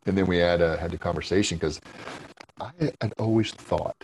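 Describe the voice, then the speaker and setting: A man with a very low, gravelly voice tells long, rambling stories in a casual interview chat. He laughs often and swears freely, and faint noise sits behind him. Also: normal speed, a little mellow, poor audio. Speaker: guest, former wrestler.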